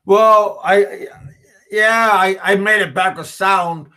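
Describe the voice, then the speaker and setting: A man hosts a relaxed livestream, reading out comments from his chat and answering them as he goes. His voice sits a touch high for a man. He talks slowly and haltingly, repeating words and starting sentences over, with a chuckle now and then. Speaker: livestream host.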